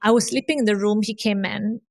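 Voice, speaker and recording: A woman's voice: medium pitch, steady tone, a little fast, vocal fry, dry recording, studio quality. A woman from Indonesia, a podcast guest, telling her life story in earnest conversation and repeating phrases for emphasis.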